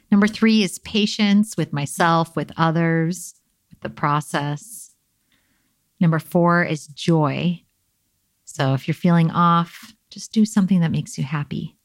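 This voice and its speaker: A young woman speaks in a low, grounded voice, sharing spiritual advice in a candid, chatty way full of likes and ums. The recording is dry and close, with no room sound. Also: takes it slowly, long pauses, no echo. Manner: candid, conversational, uses filler "like" and "um". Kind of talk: casual spiritual self-help talk.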